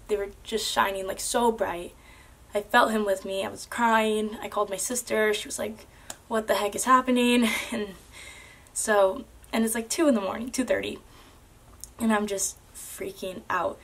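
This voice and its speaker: A young woman earnestly telling a personal story to camera, casual and full of "like" and "um". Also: medium pitch. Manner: earnest, with many fillers like "like" and "um".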